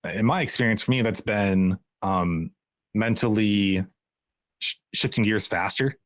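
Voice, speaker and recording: Male podcast co-host, deep, dry sound, halting and thoughtful questioning. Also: no room sound. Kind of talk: casual conversational interview.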